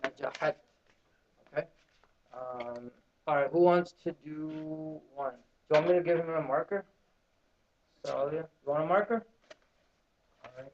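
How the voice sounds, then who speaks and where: A fairly high-voiced man leads a classroom Arabic lesson, drilling his students with call and response. The sound is muffled and lo-fi. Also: unhurried, long pauses, slight background noise. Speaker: Arabic teacher.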